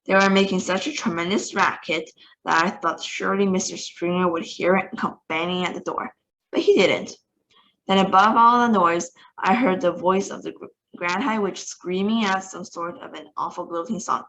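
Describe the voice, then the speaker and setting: A woman's voice: fairly low pitch, normal speed, slight background noise. A woman reading a children's novel aloud expressively over a video call, now and then tripping over a word. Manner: expressive, occasional stumbles over words. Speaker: storybook reader. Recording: dull lo-fi video call recording.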